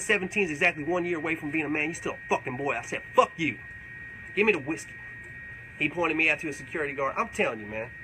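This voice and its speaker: A man's voice: on the high side, noisy background, lightly acted. A man playing a crude, boastful redneck character who rambles through tall tales and swears constantly during a comedic livestream Q&A. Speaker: comedic character answering fan questions.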